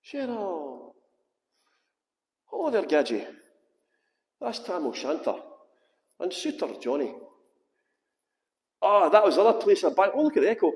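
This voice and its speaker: Scottish man, tour guide, joking and facetious, high voice, warm, slightly husky, outdoors on a handheld phone. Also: no room sound. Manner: joking, facetious banter with viewers. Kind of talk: live walking tour commentary. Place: outdoor gardens. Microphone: handheld phone while walking.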